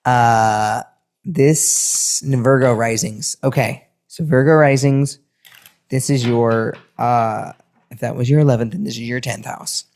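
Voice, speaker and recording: A man giving a casual astrology and tarot reading, animated and sing-songy, swearing now and then. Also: mid-range voice, takes it slowly. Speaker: tarot reader.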